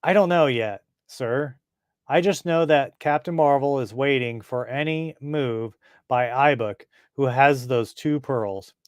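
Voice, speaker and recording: A man's voice: medium pitch, a little slow, clean tone, no room sound, studio quality, natural voice. A man voicing a cheerful young boy radio reporter in a comic reading, eager and chatty.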